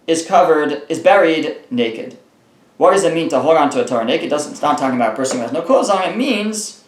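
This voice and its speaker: A man's voice: a little high, echoey room. A man teaching a daily Talmud page. He reads each phrase aloud, then translates and explains it, often restarting his sentences.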